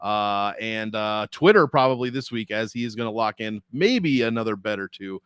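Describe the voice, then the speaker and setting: A man hosting a casual betting podcast, laid-back and quick to laugh as he wraps things up. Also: fairly low pitch, expressive, a bit bright, smooth, no echo. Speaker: podcast host.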